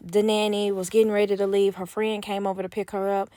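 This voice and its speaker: A woman telling a casual storytime, acting out quoted dialogue with animated gossipy energy, close to a phone mic. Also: mid-range voice, fast talker, dry recording. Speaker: nanny vlogger.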